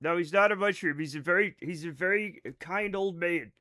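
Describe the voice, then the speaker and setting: A man's voice: high voice, normal speed, pushed and bright. A man streaming a game live, chatting loosely with his viewers, rambling and swearing.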